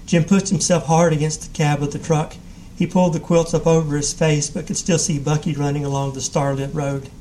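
Male reader, live story reading, measured delivery, voice on the higher side. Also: a little hiss or hum, rough recording. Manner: measured, steady narration.

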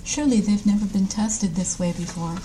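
A woman author introduces and reads her short story at a live event. Her voice is mellow and dark-toned. Her manner is wry and self-deprecating. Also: medium pitch, a little fast, slight background noise, poor audio. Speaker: author reading.

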